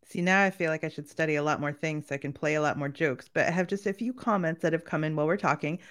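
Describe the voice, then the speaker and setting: A woman co-hosting an interview show, reading out viewer comments in a relaxed, easygoing way. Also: low-pitched, fast. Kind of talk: casual co-hosting.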